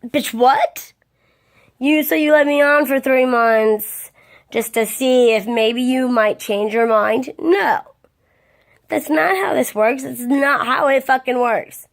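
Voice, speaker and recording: A woman's voice: high voice, takes it slowly, creaky. A tired woman in a vlog rant, blunt and profane, swearing heavily as she vents. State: tired, yawning. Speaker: vlogger. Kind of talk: ranting vlog monologue.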